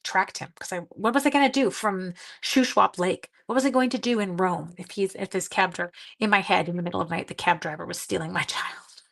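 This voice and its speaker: Gravelly-voiced chatty woman crafting live. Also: mid-range voice, fairly bright tone. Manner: chatty, talks to live viewers while working. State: short on sleep. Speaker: craft video host. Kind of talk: live craft-along chat.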